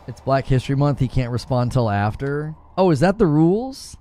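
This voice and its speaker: A gaming streamer reads chat and jokes around with his live-stream audience about slang, laughing often and putting on mock-tough voices for the quoted slang. His mid-range voice is very animated and mellow at a normal speed, with soft background music.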